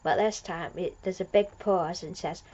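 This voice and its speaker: A woman's voice: fairly low pitch, normal speed, darkish tone, highs cut off. A woman recapping an episode as a fan reviewer, gushing and rambling with lots of fillers and restarts.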